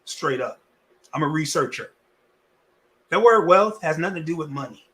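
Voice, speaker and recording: A male pastor preaching in a lively, folksy way, swinging between loud and hushed delivery with much repetition. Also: fairly high pitch, normal speed. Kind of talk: sermon.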